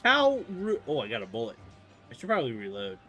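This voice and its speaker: Excitable young man commentating gameplay. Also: medium pitch, a little fast. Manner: excitable and swearing, with sudden outbursts. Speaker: gaming streamer. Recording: voice over game music.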